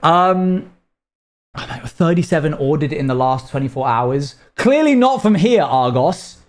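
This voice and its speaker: Reading chat comments aloud and responding, a British livestreamer rambles along unhurriedly. His pitch is fairly high and his intonation lively.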